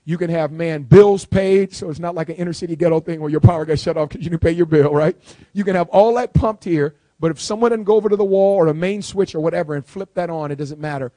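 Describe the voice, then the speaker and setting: A male preacher delivering a live sermon to a congregation, emphatic and repeating key lines, moving between quiet asides and loud declarations. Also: fairly high pitch, fast, no echo.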